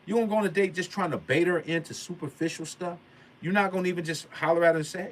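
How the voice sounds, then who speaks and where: A man's voice: high-pitched, fast, a little hiss or hum. A man vlogging a motivational story in a casual, slangy way, stressing and repeating his points like a sermon. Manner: emphatic, preachy, repeats key points.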